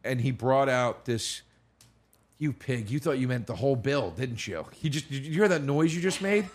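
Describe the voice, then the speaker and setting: A man's voice: medium pitch, animated, moderate pace, a little hiss or hum. Swearing storyteller man, casual chat. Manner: storytelling, acting out dialogue, swears. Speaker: guest comedian.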